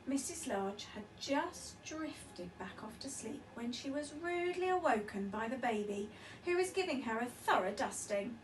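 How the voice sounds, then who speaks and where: A woman teacher reading a picture book aloud with lively, expressive storytelling. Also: on the high side, moderate pace, echoey room, distant mic, a little hiss or hum, low-quality recording.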